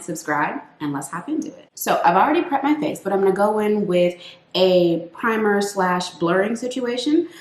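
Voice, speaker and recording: A woman's voice: medium pitch, reverberant. A woman beauty vlogger chatting playfully through a makeup routine, calling her viewers sis. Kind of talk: casual makeup tutorial chat.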